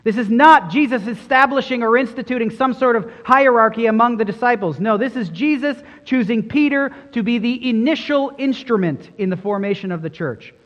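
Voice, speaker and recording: A pastor preaching a sermon, earnest and emphatic, pressing hard on key words. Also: male voice, very high-pitched, brisk, hardly any pauses, fairly bright tone. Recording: dull sound with long hall reverb.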